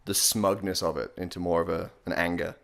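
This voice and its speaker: A young man hosting a comedic voice tutorial, sarcastic and deadpan, swearing casually. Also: sits low, brisk, creaky. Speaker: comedy YouTuber.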